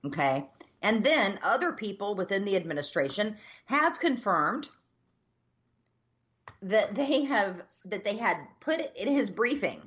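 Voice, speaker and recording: A woman's voice: medium pitch, big pitch swings, measured pace, a bit bright. Woman ranting and cussing on a podcast, kinda muffled lo-fi sound. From United States. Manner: profane, ranting. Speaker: podcast co-host. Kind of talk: casual chat.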